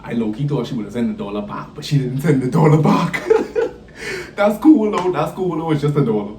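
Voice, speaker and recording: Animated young man in a roomy space. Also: a little fast, slight background noise. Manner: animated, laughing storyteller with swings in pitch. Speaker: vlogger. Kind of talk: casual storytelling. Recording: roomy, from a distance off the mic.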